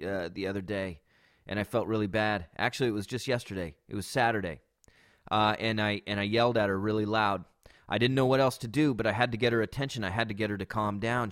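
A man's voice: lowish voice, fairly bright tone, no room sound, clean studio sound. A man in his thirties hosting a podcast, talking casually with a lot of fillers, restarts and swearing. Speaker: podcast host. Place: backyard. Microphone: studio microphone with pop filter.

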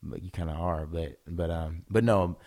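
Deep-voiced laid-back young man. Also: steady tone, moderate pace, a little mellow. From Seattle. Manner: laid-back and rambling, lots of filler words, laughs often. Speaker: guest. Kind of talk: casual podcast chat.

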